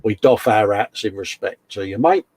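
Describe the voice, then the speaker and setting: A man's voice: lowish voice, lively intonation, normal speed, darkish tone, breathy edge, no room sound. A British man hosting a casual model-building livestream from a home workshop, chatting in a chummy, matey way and reading out viewer comments. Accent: British English. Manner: chummy and matey, calls everyone mate.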